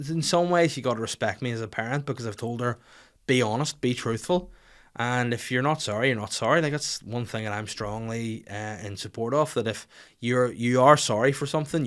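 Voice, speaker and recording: Sweary man in his thirties. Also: mid-range voice. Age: 30s. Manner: crude, sweary, animated storytelling. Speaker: podcast host. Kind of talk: casual comic podcast chat.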